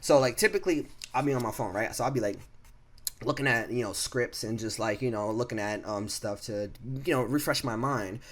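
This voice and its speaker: A man's voice: mid-range voice, fairly quick. A man in his twenties telling a casual storytime monologue. He swears freely, leans on fillers and restarts, and acts out what people said. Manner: profane, animated, lots of fillers and restarts, acts out quotes. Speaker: vlogger.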